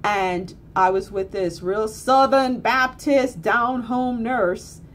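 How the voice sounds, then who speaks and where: A woman's voice: a little high, slow, slight background noise. A woman telling a story in a casual, blunt, earthy way, swearing freely and repeating phrases for emphasis. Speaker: spiritual teacher.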